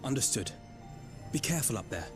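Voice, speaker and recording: A man's voice: mid-range voice, big pitch swings, fairly quick, over music, close to an everyday voice. An actor playing a dutiful male companion in a video game, speaking briefly. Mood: steady.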